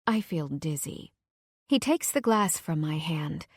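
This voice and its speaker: A woman's voice: deep voice, lively intonation, measured pace, dry recording, clean studio sound. A woman narrating a romance audiobook in the first person, telling it in an intimate, emotional way.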